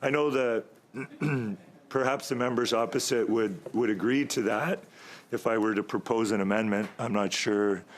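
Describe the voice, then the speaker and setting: A man speaking as a member of parliament at a committee, delivering a long, halting floor speech with many pauses and a slightly hoarse voice, at times jabbing at his opponents. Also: fairly low pitch. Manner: rambling, halting, stalling for time; argumentative toward opponents.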